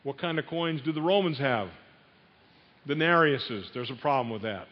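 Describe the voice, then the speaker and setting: A man's voice: medium pitch, animated, normal speed. Man preaching in an echoing hall. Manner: storytelling, asks the audience questions. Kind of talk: sermon. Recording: dull sound in a long-reverb hall.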